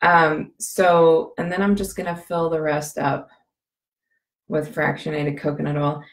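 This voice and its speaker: A woman with a lowish, gravelly voice that is scratchy from a cough. She gives a casual how-to demonstration, chatty and rambling, full of fillers and restarts. The sound is echoey, as if from a bare room. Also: level tone, measured pace. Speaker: essential oil demonstrator.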